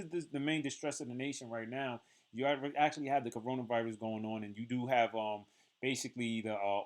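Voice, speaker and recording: A man teaching from the Bible in a loose, conversational way, full of fillers and restarts. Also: mid-range voice.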